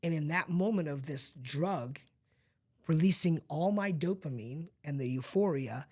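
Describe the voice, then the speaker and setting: A man's voice: fairly high pitch, unhurried, a little mellow. Earnest middle-aged man telling his story. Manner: earnest and confiding, talks straight to the listener with frequent asides. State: emotional at times. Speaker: podcast guest. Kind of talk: candid personal storytelling.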